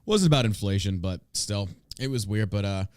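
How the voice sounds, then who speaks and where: A man's voice: fairly low pitch, lively intonation, moderate pace, a little mellow, no echo, studio quality. A man hosting a podcast in casual chat, blunt and opinionated, with crude banter. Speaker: podcast host.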